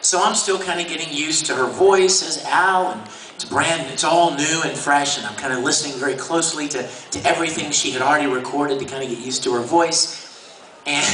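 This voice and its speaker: With a fairly high, bright and forceful voice, a man entertains an audience at a convention panel, where he's a guest voice actor telling animated stories and laughing frequently. A handheld camera among the audience recorded it distantly in an echoey, noisy hall.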